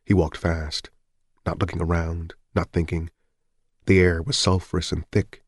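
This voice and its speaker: Male audiobook narrator, very deep voice, dry close recording, measured and somber delivery. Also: no echo. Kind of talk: scripted narration.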